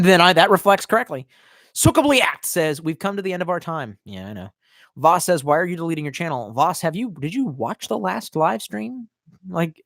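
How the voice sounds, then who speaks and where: On a casual live stream, a twentysomething man reads chat comments, curses constantly, and rambles, shifting between loud outbursts and soft mutters like someone who's been drinking. His voice leans high, and the clean studio audio carries no echo.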